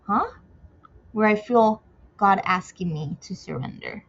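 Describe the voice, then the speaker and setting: A tired woman in a casual faith vlog, rambling and restarting her sentences, trailing off softly at times. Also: mid-range voice, animated, unhurried. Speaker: vlogger. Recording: dull lo-fi home recording with faint noise.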